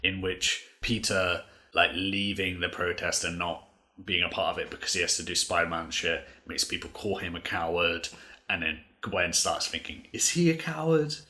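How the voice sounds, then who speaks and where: A man with a very low voice and a bright, forceful edge co-hosts a casual podcast. He rambles through his recaps, leaning on "like" and "uh" as he goes. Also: flat delivery, moderate pace. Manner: rambling, many "like" fillers. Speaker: podcast co-host.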